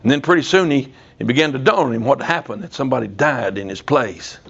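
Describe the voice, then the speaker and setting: A man's voice: medium pitch, lively intonation, quick pace, gravelly, fairly bright tone, slightly rough, muffled recording. A man preaching to a congregation, telling stories in a folksy way and rising now and then to emphatic bursts. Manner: folksy storytelling with sudden emphatic rises. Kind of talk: sermon. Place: church before a congregation.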